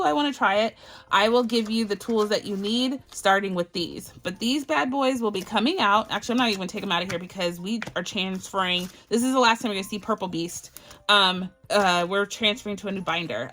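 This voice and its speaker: A chatty, excitable woman from Barbados hosting a casual budgeting vlog at home, laughing often and counting bills aloud. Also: mid-range voice. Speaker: budgeting channel host. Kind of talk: casual cash-stuffing vlog.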